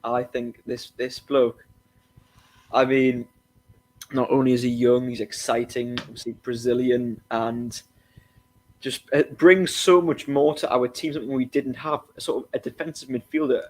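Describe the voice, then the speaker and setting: A man's voice: mid-range voice, steady tone, unhurried, darkish tone. A man co-hosting a casual football podcast, hedging his opinions and restarting his sentences often. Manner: hedging, repeats himself, many restarts. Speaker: podcast co-host.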